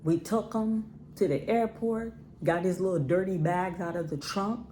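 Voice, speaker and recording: Blunt, emphatic woman with a low voice. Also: unhurried, warm tone, slight background noise. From Ohio, USA. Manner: blunt, emphatic, repeats words for stress. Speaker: independent filmmaker. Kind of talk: casual direct-to-camera talk.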